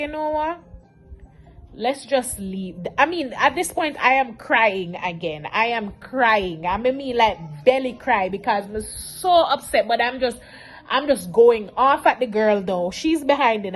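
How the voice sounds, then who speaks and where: A woman, telling a storytime vlog in an animated, emotional way. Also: fairly high pitch. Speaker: vlogger.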